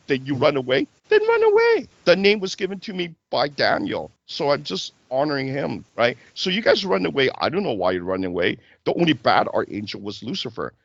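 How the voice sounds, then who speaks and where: A man's voice: medium pitch, creaky, dry recording, lo-fi sound. A man hosting a casual spiritual talk show, preaching and checking in with "right?" and "okay?".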